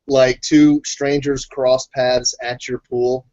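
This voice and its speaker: A man's voice: medium pitch, flat delivery, slow pace, dark tone, no room sound, dull audio. A man co-hosting a casual online hangout, trading dry, teasing banter. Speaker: co-host. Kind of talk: casual chat.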